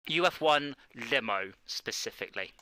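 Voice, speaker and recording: A man's voice: mid-range voice, lively intonation, normal speed, sharp tone, clear, resonant tone, no echo, low-quality recording. A man hosting a sim racing stream, chatting casually with a playful, self-mocking manner. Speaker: stream host. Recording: faint background hum.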